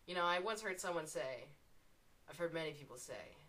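A woman giving live gameplay commentary from home, excitable and swearing, drifting into self-mocking asides between plays. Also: low voice, fairly quick. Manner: excitable, swearing, shrieks at game moments. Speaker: gaming video creator. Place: room at home.

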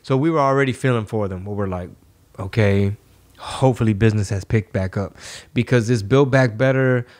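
A man's voice: on the low side, fairly quick, a little mellow. A man hosting a podcast, chatting casually and telling rambling stories full of swearing. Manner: profane, rambling storytelling. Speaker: podcast host.

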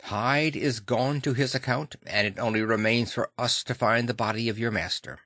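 A man's voice: mid-range voice, normal speed, no room sound, studio quality. A man voicing a stern middle-aged lawyer demanding entry at a locked door. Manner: stern, forceful.

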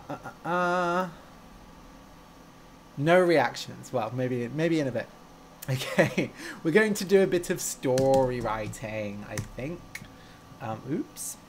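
Slow, gushing man streaming live. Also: fairly high pitch, a little hiss or hum. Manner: chatty, gushing and playful, laughs easily. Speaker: English teacher and podcast host. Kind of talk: casual live-stream chat with learners.

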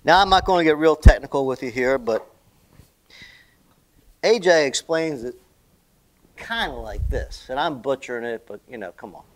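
A man telling a golf lesson story in a casual, rambling monologue, animated and a bit salty. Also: medium pitch, normal speed, pauses often. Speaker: golf vlogger.

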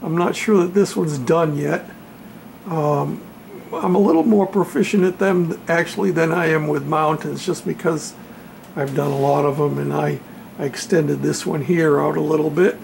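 A man in his home hobby workshop, casually showing his model railroad backdrop in an unhurried, halting way with lots of fillers. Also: a little high, vocal fry, a little mellow, a little hiss or hum. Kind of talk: casual show-and-tell.

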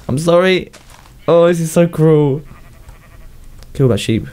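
Young guy rambling over his game, coos at his pets, mellow voice, a bit under the weather. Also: fairly high pitch, a little slow, pauses often. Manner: chatty, talks to his pets, laughs often. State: slightly unwell, coughing. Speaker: gaming YouTuber. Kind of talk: casual game commentary.

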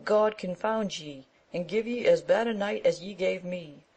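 Treacherous mocking knight, read by a woman, scornful, low voice. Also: measured pace, a little mellow. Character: treacherous male knight taunting foes.

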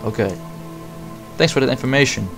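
A man's voice: medium pitch, fairly quick, creaky, music in the background. Jumpy young man playing a horror game. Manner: jumpy, yelps and swears at scares, then hushes. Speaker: let's play host. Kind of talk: horror game let's play commentary.

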